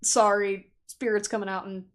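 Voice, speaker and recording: A woman giving a casual pick-a-card tarot reading in a chatty, animated way, laughing often and playfully acting out quoted thoughts. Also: mid-range voice, moderate pace. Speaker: tarot reader.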